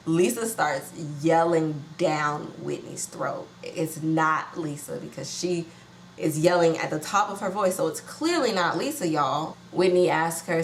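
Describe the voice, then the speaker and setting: A woman hosting a casual reality TV watch-along, gossipy and animated, with slangy bursts of outrage. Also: sits low, moderate pace, a little hiss or hum. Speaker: reality TV recap host. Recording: echoey room with faint ambience.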